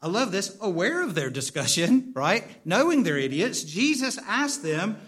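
Male pastor, higher register, animated conversational sermon delivery with frequent call-outs to the congregation. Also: normal speed, slightly rough. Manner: animated, calls for responses from the congregation; stumbles and repeats words, conversational.

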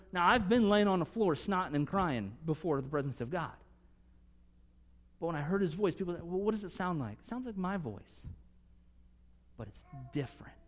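A man preaching a sermon earnestly, swinging from emphatic conviction to soft, hushed moments. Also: high-pitched, big-room sound. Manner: earnest, rising to emphatic conviction, dropping to soft near-whispers. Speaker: pastor.

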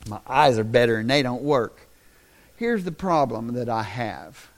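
A middle-aged man preaching a sermon in a folksy, plain-spoken way that swells into loud, impassioned shouting. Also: medium pitch, lively intonation, a little slow. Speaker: pastor.

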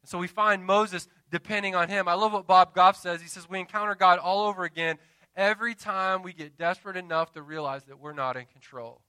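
Pastor, man, 30s; passionate sermon delivery with call-and-response asides, tense, sharp tone, close and dry. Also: sits high, fairly even intonation, clear, resonant tone, no room sound. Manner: impassioned preaching with dramatic pauses and call-and-response asides. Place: church.

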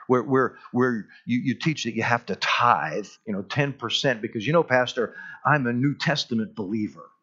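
A man's voice: mid-range voice, moderate pace, pushed and bright, breathy edge, lo-fi sound, pitched below the performer's own voice. A man putting on a sly, wheedling churchgoer. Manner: coaxing, sly questioning. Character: wheedling male churchgoer dodging tithes.

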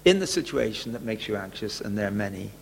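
A man preaching a sermon, telling a gentle personal story and often chuckling. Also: lowish voice, animated, fast talker, creaky, a little hiss or hum. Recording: long echoey reverb.

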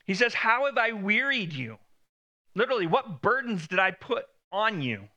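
Bright-voiced, high male preacher. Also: very animated, normal speed, lo-fi sound. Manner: conversational preaching, quotes God with rising emphasis. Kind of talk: sermon.

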